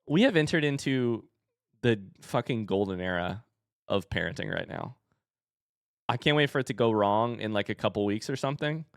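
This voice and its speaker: A man in his thirties talks casually to his stream, his pitch bouncing up and down as he rambles. The sound is dry and close to the microphone, with no room around it. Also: moderate pace, clear, resonant tone, dry recording. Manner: chatty and animated, baby-talks his dogs. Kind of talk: casual live-stream chat.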